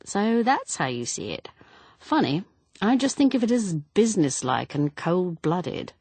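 A protective young husband who talks in a quick, emphatic way, as a woman narrator voices him. The voice is husky and lower than usual, with a lot of rise and fall in pitch. It has the dry, close sound of an audiobook read. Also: big pitch swings, darkish tone, dry recording, heavily acted. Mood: casual. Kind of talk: audiobook character reading.

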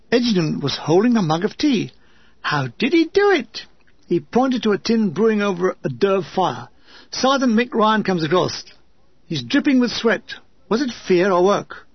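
Wry, high-voiced man reading a memoir. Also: husky, no echo, lo-fi sound. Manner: wry, lyrical. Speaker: narrator reading his own war memoir. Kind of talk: audiobook reading with comic asides.

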